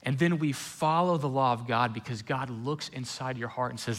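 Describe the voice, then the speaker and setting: A man preaching a sermon in a conversational storytelling way, with quick runs and slow, hushed emphasis. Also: mid-range voice, steady tone. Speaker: pastor.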